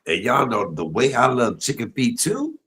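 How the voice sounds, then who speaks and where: A man's voice: medium pitch, huge pitch swings, moderate pace, a bit bright, poor audio. A middle-aged man, telling stories on a home cooking livestream, chatty and laughing. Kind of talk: casual storytelling while cooking.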